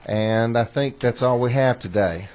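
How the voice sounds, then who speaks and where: A man chairing a legislative committee hearing, folksy and apologetic, reading bill text slowly and carefully. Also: mid-range voice, a little mellow.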